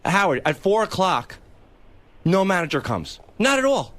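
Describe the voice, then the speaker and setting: A man on a radio talk show tells a long story, acting out every side of the exchange. His voice sits high and swings widely up and down. He swears freely as he talks. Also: normal speed. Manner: animated, profane storytelling, acting out both sides of the exchange. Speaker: show regular telling a story. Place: radio studio.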